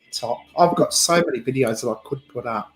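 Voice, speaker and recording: A woman's voice: very deep voice, brisk, rough recording. A woman hosting a casual chat, rambling and reminiscing, often trailing off and restarting. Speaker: host.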